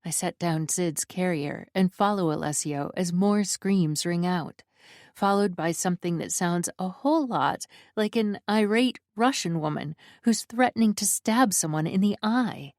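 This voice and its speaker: A woman narrating a first-person romance audiobook in a wry, expressive way, close to the mic. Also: fairly low pitch, measured pace, dry recording.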